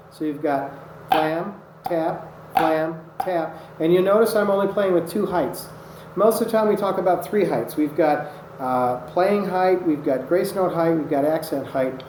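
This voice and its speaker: A man teaching drumming technique, patient and methodical, calling out strokes as he demonstrates them. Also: on the high side. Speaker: drum instructor. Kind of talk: instructional demonstration. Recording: echoey room with loud noise. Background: drumming on a practice surface.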